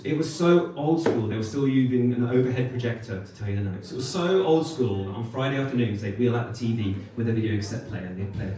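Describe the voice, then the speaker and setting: A British man performing a stand-up comedy set on a club stage, wry and self-deprecating, with quick asides and audience laughter behind him. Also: medium pitch. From United Kingdom. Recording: echoey club room, mic from some distance.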